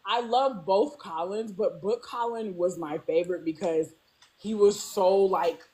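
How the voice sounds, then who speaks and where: Woman, casual guest chat, animated, acts out quotes, lots of "like". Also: unhurried. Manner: animated, acts out characters' lines with big pitch jumps; peppers speech with "like". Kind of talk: casual fan discussion.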